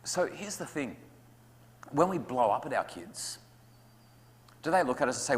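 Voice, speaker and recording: A man's voice: medium pitch, big pitch swings, moderate pace, pauses often, a little hiss or hum. An Australian man speaking to parents in a conversational, humorous way as a guest speaker at a school talk. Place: school hall. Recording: long hall reverb.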